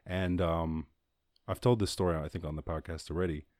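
Young Irish man, podcast host, low voice, dry close sound, rambling and swearing. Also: fairly even intonation, a little fast, a little mellow, no room sound. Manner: rambling, swears freely, acts out quotes in a higher voice. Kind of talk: casual solo podcast monologue.

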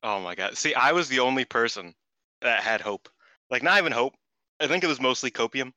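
This podcast co-host keeps the casual conversation excitable and restless, swearing often and repeatedly fumbling his words and restarting. His mid-range voice is brisk, very bright, and forward, recorded dry and close with no room sound.

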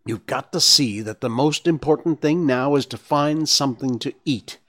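A man voicing a grumpy, bossy older female deer in a storybook reading, grumbling in a slow, fussy manner. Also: mid-range voice, pushed and bright.

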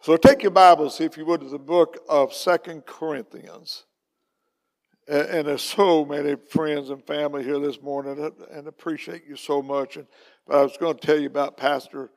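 An older evangelist with a slightly high, gravelly voice preaches a folksy sermon full of jokes and "uh"s. His words ring with a long echo through a church hall. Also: flat delivery, normal speed, a little mellow. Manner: folksy, joking, with many fillers. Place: church sanctuary.

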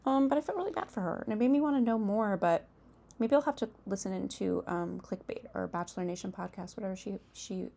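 A young woman hosting a casual podcast recap, talking chattily with lots of "like" and "um" and animated asides. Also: medium pitch, fast, gravelly. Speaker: podcast host. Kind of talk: casual solo recap chat.

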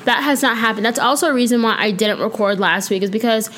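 A woman's voice: on the high side, quick pace, fairly bright tone. A woman in her twenties hosting her own podcast, chatting casually and self-deprecatingly from her bedroom at home, often drifting off topic. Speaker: podcast host. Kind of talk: casual solo chat.

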